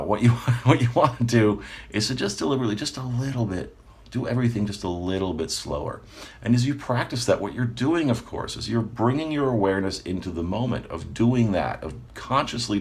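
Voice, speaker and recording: Low-voiced guy doing a chill coaching vlog, keeps going "right?", laughs a bit. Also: a little fast. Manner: relaxed, conversational, frequent "right?" check-ins, laughs often. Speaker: manifestation coach. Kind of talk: casual talk to camera.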